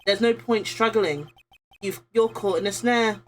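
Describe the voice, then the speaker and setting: A woman's voice: medium pitch, measured pace, slight background noise, natural voice. A woman voicing a cool, smug male prosecutor in a video game, speaking in a sly, lofty way.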